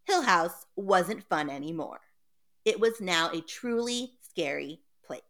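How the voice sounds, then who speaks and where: A woman's voice: on the low side, very animated, normal speed, a bit bright. A woman reading a ghost story aloud in a dramatic, playful way.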